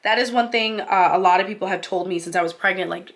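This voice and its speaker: A woman's voice: mid-range voice, fast talker, fairly bright tone. A young woman vlogger in a casual sit-down chat, heartfelt and encouraging, full of "like" fillers and close to tears. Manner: chatty, heartfelt, many "like" fillers; encouraging, speaks to other mothers as "mama".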